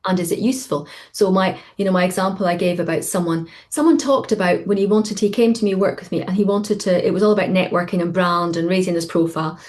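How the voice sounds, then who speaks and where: A middle-aged woman coach talks in a relaxed, chatty way over a video call. She slips into quoted voices as she tells stories from her work, with her pitch rising high for them. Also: quick pace, hardly any pauses. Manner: animated storytelling, acting out quoted voices. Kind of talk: casual webinar talk.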